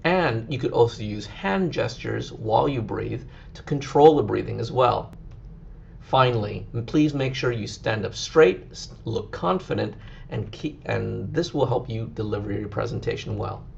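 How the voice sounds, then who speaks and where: Gravelly-voiced male teacher giving a lesson. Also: fairly low pitch, lively intonation, darkish tone, muffled recording, a little hiss or hum. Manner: clear, instructive, with occasional slow deliberate demonstrations. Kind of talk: recorded classroom lesson.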